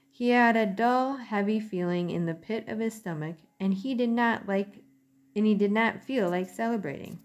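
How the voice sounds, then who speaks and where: A woman teacher reading a chapter aloud to her class, with friendly asides. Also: fairly low pitch.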